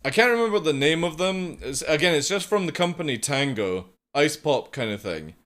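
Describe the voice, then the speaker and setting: A young live streamer from the United Kingdom talks casually with his viewers, rambling and swearing freely while reading chat aloud. His voice is a little high, expressive, and fairly bright, at a moderate pace.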